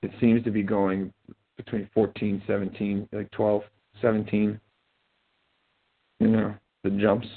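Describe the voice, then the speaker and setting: A man's voice: lowish voice, flat delivery, a little slow, pauses often, husky. A man hosting a casual live show, telling rambling, profane, joking stories. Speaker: host. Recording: tinny phone-like sound.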